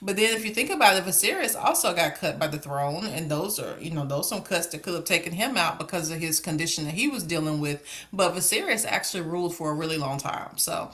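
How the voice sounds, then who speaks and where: Sassy, bright-voiced woman reviewer. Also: fairly low pitch, animated, brisk, few pauses. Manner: sassy, chatty, full of endearments; acts out characters with exaggerated voices. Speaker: TV show reviewer. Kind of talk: casual recap and review.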